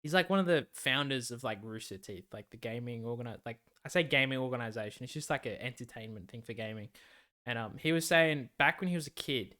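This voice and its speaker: A man's voice: medium pitch, fast talker, bright, forceful tone. A man, co-hosting a podcast in casual, laid-back chat, swearing freely. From Australia. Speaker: podcast co-host.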